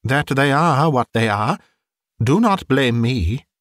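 Unmoved ghost, voiced by a male reader, measured, firm, storybook reading, close dry mic. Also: mid-range voice, animated, a bit bright, dry recording. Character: calm ghost of the past, unmoved. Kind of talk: audiobook character reading.

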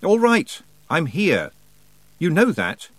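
A man's voice: fairly high pitch, huge pitch swings, slow, no room sound, pitched above the performer's own voice, full character voice. A man voicing an indignant young girl witch who snaps and talks back defiantly. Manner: sharp, snapping, defiant.

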